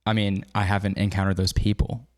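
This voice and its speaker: A man's voice: on the low side, flat delivery, brisk, no room sound, studio quality. A man in his thirties hosting a podcast, chatting loosely and swearing now and then. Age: 30s. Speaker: podcast host. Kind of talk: casual chat.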